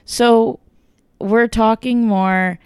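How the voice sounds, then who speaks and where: A young woman telling a story in casual chat, full of "like" and "kinda", quoting people in lively bursts. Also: on the high side, drawn-out words, clear, resonant tone, no echo, studio quality.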